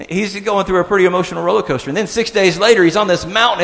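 A man preaching a sermon as pastor, animated and expressive, acting out the disciples' words and dropping to a soft tone for emphasis. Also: sits high, fast talker, gravelly, hardly any pauses. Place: church sanctuary. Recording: long church-hall reverb.

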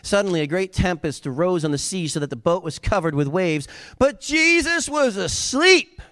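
Brief: male preacher, slightly high voice, animated sermon, dry close sound. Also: fairly quick, dry recording. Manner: animated, swinging from soft asides to yelling. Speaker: pastor.

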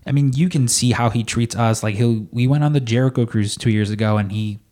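A man's voice: medium pitch, fairly quick, a little mellow. A man chatting casually on a podcast, telling a rambling workplace story full of "like" fillers. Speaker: store employee.

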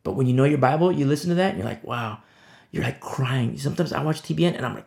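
A man's voice: medium pitch, quick pace, gravelly, a little mellow. A man preaching an informal sermon, talking conversationally and acting out little scenes. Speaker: pastor. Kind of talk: informal sermon on a Bible passage.

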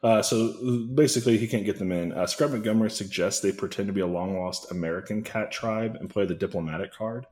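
Low-voiced man recapping with dry jokes. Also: fairly quick, few pauses, darkish tone. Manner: rambling, self-correcting recap with dry jokes. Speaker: podcast host. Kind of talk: comedic recap chat.

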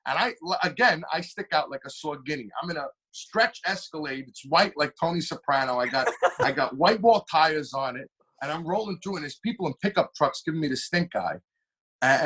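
A young man, a singer telling stories as a podcast guest in a lively, animated way. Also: a little fast, slightly rough. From Long Island, New York. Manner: animated storyteller with shifting pitch and pace. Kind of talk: casual storytelling interview.

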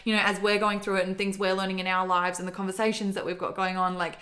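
A woman's voice: mid-range voice, flat delivery, quick pace, a crowd in the background. A woman co-hosting a podcast, chatting casually in an upbeat, motivational way with lots of "like". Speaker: podcast co-host.

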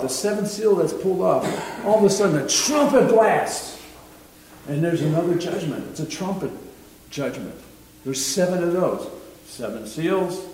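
Bible-class teacher, man, slightly high voice, loose chatty delivery, booming echo with faint hiss. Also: a little mellow. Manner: chatty, rambling, chuckles often. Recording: very echoey room, faint noise.

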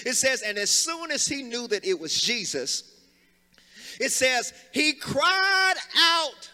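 Fervent high-voiced preacher in a reverberant hall. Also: male voice. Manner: preaching with rising fervor, sings and shouts phrases, calls on congregation to respond. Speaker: pastor. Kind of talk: sermon. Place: church sanctuary. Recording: long hall reverb from live sanctuary.

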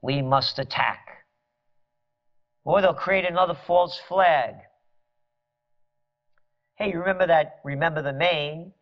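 A man's voice: on the high side, slow, pauses often. A man delivering a fiery, sarcastic political rant, mocking officials. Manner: fiery, sarcastic, mocks officials in mimicking voices. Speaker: commentator. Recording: dull lo-fi recording.

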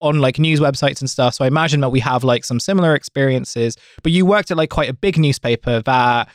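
A man's voice: medium pitch, a little fast, no room sound, clean studio sound. A man hosting a podcast in casual chat, rambling with many "like" fillers. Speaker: podcast host.

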